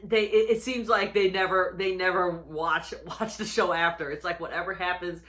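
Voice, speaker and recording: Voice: medium pitch, fairly even intonation, normal speed, sharp tone. A reviewer giving a casual recap of a wrestling episode, rambling with lots of fillers and restarts, and chuckling often.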